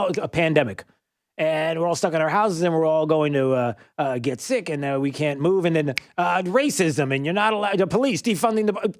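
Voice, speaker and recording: A male talk radio host runs his monologue, animated and sarcastic, with plenty of fillers. His voice sits a little high for a man, and the sound is dry and close. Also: no room sound.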